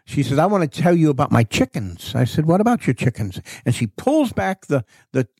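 Animated storytelling preacher, a man. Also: on the high side, fairly quick, dry recording. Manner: animated storyteller, acts out quoted dialogue. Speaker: preacher and author guest. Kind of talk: casual storytelling interview.

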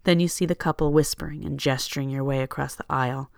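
A reader narrating a fiction story in the second person, measured and soft. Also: mid-range voice, fairly even intonation, creaky, no room sound, studio quality.

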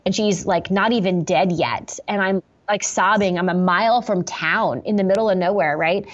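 A woman's voice: medium pitch, normal speed, muffled recording. Earnest woman pastor telling a story. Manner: earnest, reflective, many fillers and restarts. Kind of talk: personal storytelling in an interview.

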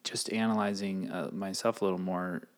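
A man co-hosting a relaxed conversation, animated and acting out voices in his stories. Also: sits low, normal speed. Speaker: podcast co-host. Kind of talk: casual chat.

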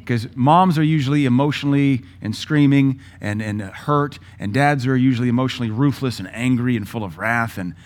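A man's voice: mid-range voice, brisk, hardly any pauses. A middle-aged man preaching a sermon, emphatic, listing words in punchy bursts. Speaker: pastor.

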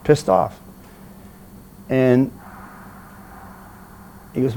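A man's voice: medium pitch, very slow, long pauses, a little hiss or hum. A middle-aged man, an interview guest, telling a story casually and acting out the voices of the people in it. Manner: animated storyteller, acts out quoted voices.

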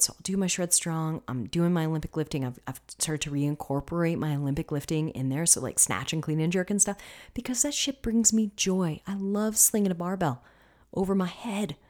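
Woman, podcast host, coach, low voice, passionate, curses casually, whispers at times. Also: a little mellow. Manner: passionate, swears freely, drops into whispers.

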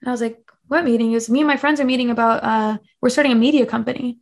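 A woman's voice: on the high side, steady tone, rapid-fire. A young woman as a podcast guest, chatting casually and acting out quotes with lots of fillers. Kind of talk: casual interview chat.

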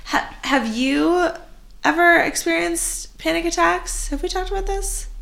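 A woman's voice: very high voice, unhurried, vocal fry, fairly bright tone, slight background noise. A woman podcast host asking questions in a playful, self-deprecating way. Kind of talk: casual chat.

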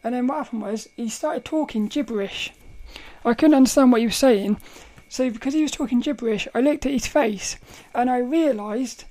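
A woman hosting a casual solo podcast, telling a story in a rambling, animated way, often laughing and restarting her sentences. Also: on the high side, moderate pace. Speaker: podcast host.

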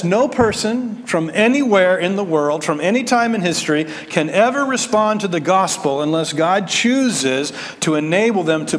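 A high-voiced male preacher works through a passage verse by verse. He grows animated and acts out the voices he quotes, repeating words as he restarts. His voice carries the long reverb of a church sanctuary. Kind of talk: expository sermon.

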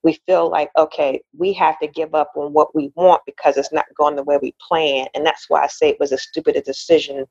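A woman in her forties, a podcast guest, telling a personal story in a lively way and acting out the voices of the people in it. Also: sits low, a little fast, few pauses, husky, dry recording, muffled recording. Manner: animated storyteller, acts out quoted voices, laughs often. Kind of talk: casual interview storytelling.

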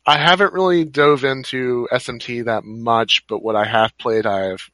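A man co-hosting a casual gaming podcast, excitable and quick to laugh. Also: mid-range voice, no room sound, rough recording. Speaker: podcast co-host.

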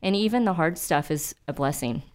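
A woman's voice: deep voice, lively intonation, brisk. A woman eye doctor talking earnestly as a podcast guest, casual and full of fillers. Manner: earnest, talks with many fillers. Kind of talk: casual interview chat.

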